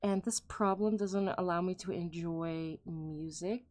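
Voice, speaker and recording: A woman's voice: fairly low pitch, steady tone, measured pace, darkish tone. A woman streamer chatting casually on a late-night stream, blunt and apologetic, often giggling.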